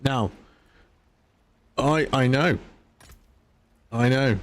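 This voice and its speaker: Man, game streamer, casual rambling chat, self-mocking laughs, average pitch, slight background noise. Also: extremely slow. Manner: rambling, chatty, laughs at himself. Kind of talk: casual live-stream chat while gaming.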